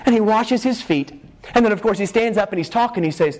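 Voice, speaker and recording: A man preaching a humorous sermon, retelling Bible stories and acting out the characters in quick playful voices. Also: high-pitched, lively intonation.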